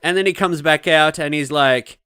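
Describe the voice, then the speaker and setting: A man co-hosting a podcast, telling stories in a casual, swearing way. His voice is bright and forward. He is close to a dry mic. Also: a little high, moderate pace, clean tone, no echo. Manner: swearing storyteller; acts out quoted voices. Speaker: podcast co-host. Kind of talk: casual chat.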